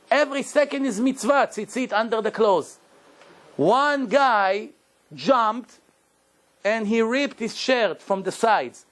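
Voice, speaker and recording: Middle-aged rabbi, high voice, animated lecture-style storytelling, non-native phrasing. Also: male voice, takes it slowly. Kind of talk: Torah lecture.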